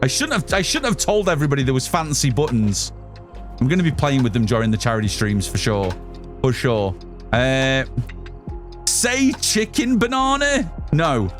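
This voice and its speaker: A man's voice: mid-range voice, animated, brisk, faint music behind. A man streaming live, chatting casually with lots of restarts and swearing. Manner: rambling, swears freely, many restarts. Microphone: studio mic through an audio mixer.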